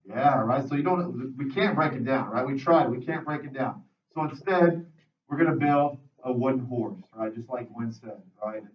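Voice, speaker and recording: A male English teacher giving a lively classroom lecture to students, ending nearly every sentence with "right?". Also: medium pitch, moderate pace. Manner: tags most sentences with "right?"; lively, talks straight to students. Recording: roomy, dull classroom audio from far off.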